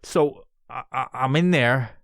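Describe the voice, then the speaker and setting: A man with a middle-pitched voice rambles through a story of his own as a podcast host, swearing freely and trailing into restarts. The sound is dry and close, with no room in it. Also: a little slow, a bit bright, no room sound. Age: adult with a son. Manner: profane, rambling, acts out his own panicked voice in high squeals. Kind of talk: casual storytelling.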